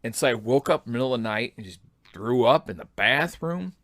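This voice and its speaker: A man in his thirties, an army veteran, telling his own story as a podcast host in a relaxed, self-deprecating way. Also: medium pitch, brisk, no room sound. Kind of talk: personal memoir storytelling.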